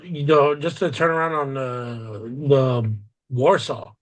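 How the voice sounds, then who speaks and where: A man's voice: medium pitch, takes it slowly. A man co-hosting a podcast, chatting in a loose, rambling way. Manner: loose rambling talk with many fillers. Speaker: podcast co-host. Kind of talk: casual chat.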